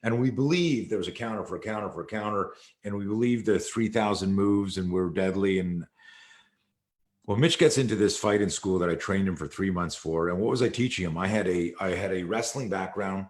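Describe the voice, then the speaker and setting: A man's voice: sits low, fairly quick. A man, a martial arts instructor, telling a long story in an interview and acting out quoted dialogue. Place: live video call.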